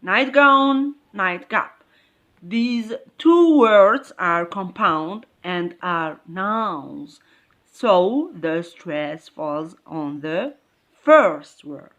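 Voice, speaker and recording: A woman teaching an English grammar lesson, explaining slowly and repeating key points with emphasis. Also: lowish voice, very animated. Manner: slow, repetitive, emphatic explaining.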